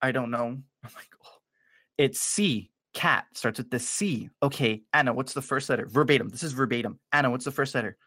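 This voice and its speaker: A man's voice: medium pitch, a little fast, bright, forceful tone, no echo, studio quality. A young man co-hosting a podcast, telling a story in casual chat and acting out both sides of the dialogue. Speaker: podcast co-host.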